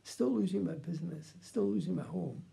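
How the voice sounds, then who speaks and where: A man's voice: sits high, normal speed, gravelly, dark tone. An older man telling his personal faith testimony in a plain, earnest storytelling way. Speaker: testimony speaker.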